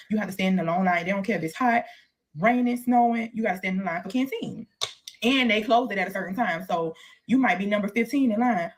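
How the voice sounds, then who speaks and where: A woman telling a casual story in a candid, profane way, acting out the voices she quotes. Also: medium pitch.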